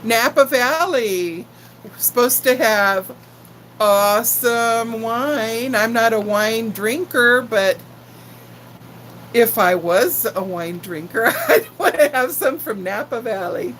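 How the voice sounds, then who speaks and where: Slow-talking chatty woman in her sixties. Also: on the high side, expressive, fairly bright tone, a little hiss or hum, low-quality recording. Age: 60s. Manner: chatty and affectionate, greeting viewers by name. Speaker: channel host chatting with live viewers. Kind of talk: casual live-stream chat.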